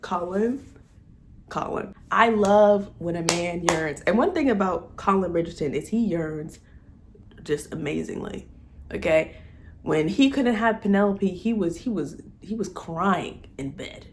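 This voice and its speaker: A woman vlogger ranting excitedly to camera, gushing, laughing often and repeating herself. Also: fairly low pitch, a little slow, slight background noise. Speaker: vlogger reviewing a TV romance series. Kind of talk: excited casual rant to camera.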